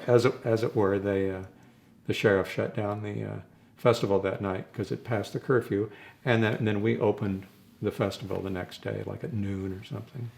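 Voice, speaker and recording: An older man with a gravelly, fry-edged voice sitting somewhat low for a man. He tells interview stories in a loose, rambling way, chuckling between them. His talk is casual and reminiscent. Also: a little mellow, slight background noise. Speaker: rock drummer, interview guest.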